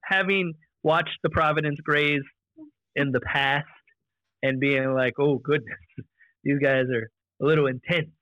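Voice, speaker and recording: A man's voice: on the high side, fairly even intonation, a little slow, fairly bright tone, no echo, lo-fi sound. A man co-hosting a podcast, chatting casually and teasing the guest. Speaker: podcast co-host and umpire. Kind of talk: casual chat.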